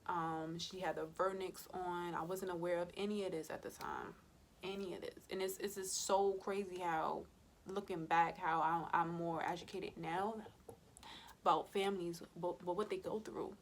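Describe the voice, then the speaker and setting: A woman with a fairly low voice tells her own story in a casual vlog. She talks right to her viewers, moving between plain chat and soft, emotional whispers. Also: steady tone, normal speed, slight background noise. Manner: conversational, addresses viewers directly. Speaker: birth worker and mother.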